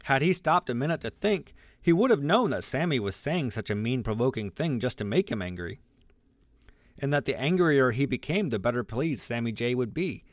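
A man's voice: mid-range voice, no echo, studio quality. Man reading a storybook aloud. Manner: lively, expressive reading with character voices. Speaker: audiobook narrator. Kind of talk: scripted storybook narration.

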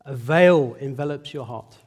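A man's voice: mid-range voice, measured pace, a little mellow, breathy edge, long reverb tail. A male pastor preaching an earnest, emphatic sermon to a congregation, often asking rhetorical questions.

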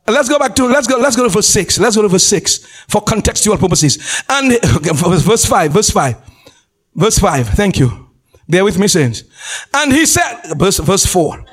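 A male pastor preaching a sermon in an exclamatory style, calling out to the congregation and often laughing and shouting for emphasis. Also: sits high, breathy edge. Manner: exclamatory preaching with call-and-response.

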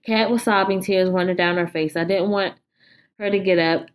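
Low-voiced woman reading a horror story. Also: steady tone, moderate pace. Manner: informal, stumbles and swears while reading.

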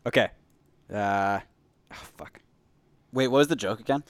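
A man's voice: fairly low pitch, measured pace, no echo. Crude, joking Canadian man. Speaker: podcast co-host. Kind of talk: casual podcast banter.

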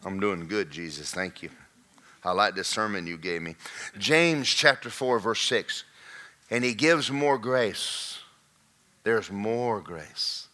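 A male pastor preaching a sermon, swinging from folksy joking asides to shouted, singsong climaxes. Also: fairly low pitch, lively intonation, takes it slowly.

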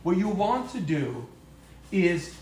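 Man, live talk to an audience, conversational, acts out quotes, slightly high voice, echoey room. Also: very animated, slow pace, a little mellow, slight background noise. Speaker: speaker giving a talk on marriage and parenting.

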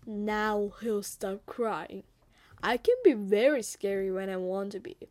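A woman's voice: on the high side, slow, darkish tone. A woman voicing a frightened male tiger in a storybook, once boastful, now pleading. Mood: smug. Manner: anxious, pleading.

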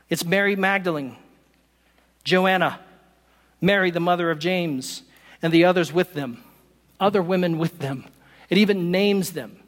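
An animated man preaching to his congregation, mixing humor into scripture and playing out little scenes with his voice. His voice sits a bit high, and the sound rings with a long hall reverb. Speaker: pastor. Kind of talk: sermon.

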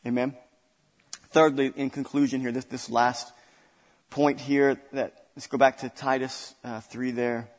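A man's voice: medium pitch, flat delivery, measured pace, in a large hall. A male pastor preaching a sermon, building intensity through repeated phrases. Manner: preaching with rising intensity and repetition.

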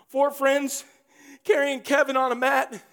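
A man preaching a sermon, telling a Bible story with humor and acting out the characters in quick asides. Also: very high-pitched, monotone, fairly bright tone. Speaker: pastor.

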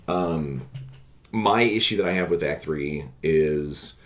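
A man co-hosting a casual film review chat, animated and opinionated, swearing freely and restarting sentences. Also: extremely low pitch, slow, noisy background. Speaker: podcast co-host.

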